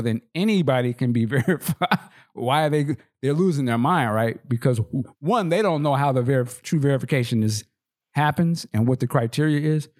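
A man talking casually as a podcast co-host, at an ordinary middle pitch. He sounds laid-back and slangy, laughs often and keeps throwing rhetorical questions at his partner. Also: darkish tone. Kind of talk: casual chat.

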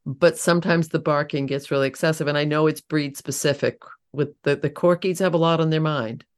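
A woman hosting an interview, asking halting, rambling questions about her dog. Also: deep voice, fairly even intonation. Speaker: interview host. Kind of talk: casual interview talk.

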